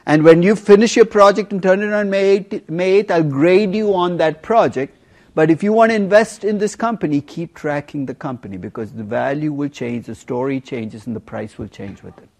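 A man teaching a university finance class, emphatic and lively, teasing students with questions. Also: on the high side, moderate pace, creaky. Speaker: finance professor. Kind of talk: university lecture.

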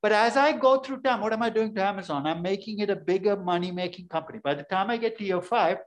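A man's voice: sits high, fast. Man, finance lecture, emphatic, rhetorical questions, conversational classroom delivery. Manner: emphatic, asks and answers his own questions.

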